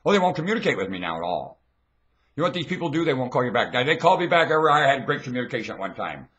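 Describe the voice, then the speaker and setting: Into a webcam at home, a man delivers a rambling, scornful religious monologue, dropping to low mutters and then bursting into shouts as he preaches and lectures the listener. His voice is sing-song, racing and slightly rough, and the recording's highs are cut off.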